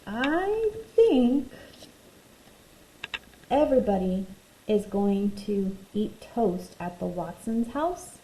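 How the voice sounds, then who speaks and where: A woman's voice: mid-range voice, drawn-out words, long pauses. A woman teacher reading a picture book aloud and talking expressively to young pupils for a virtual class. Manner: expressive, talks to young pupils between read passages. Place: home room, virtual class recording. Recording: roomy echo, faint noise.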